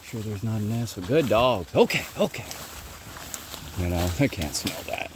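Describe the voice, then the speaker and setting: A man's voice: on the low side, normal speed. A man training bird dogs in the woods, explaining as he walks and praising his dogs. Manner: calls loudly to his dogs while explaining. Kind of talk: walking field narration to camera. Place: outdoors in the woods. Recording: outdoor field recording with noise. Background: birds and outdoor sounds.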